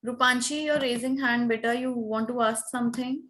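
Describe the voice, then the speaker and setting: A woman teaching a French class over a video call, drilling pronunciation slowly and patiently. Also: on the high side, steady tone, a bit bright, a little hiss or hum. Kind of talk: online class lesson.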